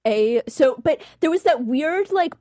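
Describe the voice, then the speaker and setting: A woman's voice: high-pitched, measured pace, no room sound, clean studio sound. A young woman co-hosting a casual chat, talking animatedly and filling her sentences with "like". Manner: chatty, lots of "like", animated storytelling. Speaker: co-host.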